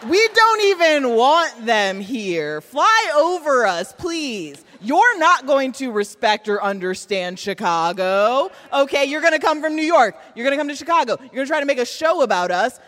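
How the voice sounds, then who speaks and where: A woman from Northern Illinois giving a comic rant on stage, hesitant at first, then fast and mock-indignant. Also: high voice, big pitch swings, fairly bright tone. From Northern Illinois, USA. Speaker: comedy show guest. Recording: reverberant live venue.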